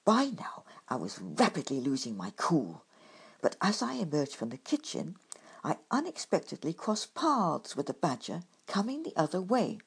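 Lively, breathy storyteller woman. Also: sits low, normal speed. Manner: animated, dramatic first-person telling. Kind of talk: expressive storybook narration.

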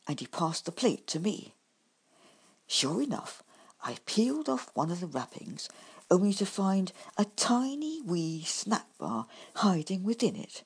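Slow breathy woman reading a story. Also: lowish voice. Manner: measured, expressive reading. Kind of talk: bedtime story narration.

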